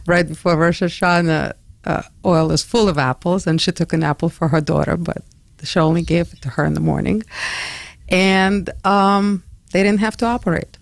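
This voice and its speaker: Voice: medium pitch, fairly even intonation, moderate pace, vocal fry, no room sound. A radio host recounting a personal story in a conversational interview, with frequent fillers.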